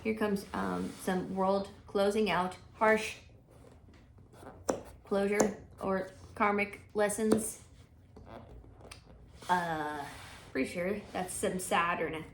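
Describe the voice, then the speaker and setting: A woman's voice: mid-range voice, fairly even intonation, slow, vocal fry, pauses often, background noise. A woman giving a casual, chatty tarot reading, thinking aloud with frequent fillers and restarts. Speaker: tarot reader.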